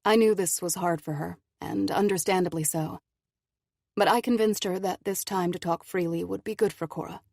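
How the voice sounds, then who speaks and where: A woman narrating an audiobook in a calm, measured first-person telling. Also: lowish voice, vocal fry, no room sound, studio quality.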